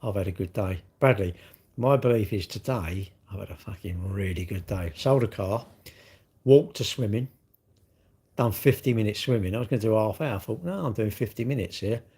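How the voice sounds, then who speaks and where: A middle-aged man hosts a casual live stream, reading out comments and responding bluntly and with mockery. His voice is on the low side, gravelly and husky with a warm tone, and he speaks at a normal speed.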